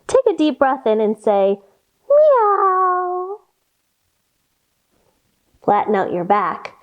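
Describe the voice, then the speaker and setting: A woman leading a children's storytime with yoga instruction, reading aloud in a playful, expressive way. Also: mid-range voice, narrow, tinny audio. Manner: animated, playful, slow and expressive.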